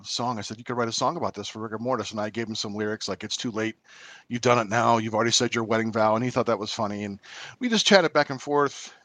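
Soft-spoken rambling man, dry sound. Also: medium pitch, no room sound. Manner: rambling, hesitant storytelling with many fillers. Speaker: podcast co-host. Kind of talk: casual chat.

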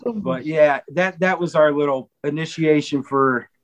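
Brief: male podcast guest, high voice, animated storyteller who acts out quotes, salty language. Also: measured pace. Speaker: guest drummer. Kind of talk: casual chat, storytelling.

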